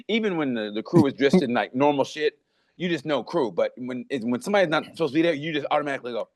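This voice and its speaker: A man's voice: mid-range voice, expressive, fast talker, no echo, clean studio sound. A man co-hosting a comedy podcast, telling profane stories in casual chat and laughing often. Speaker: podcast co-host.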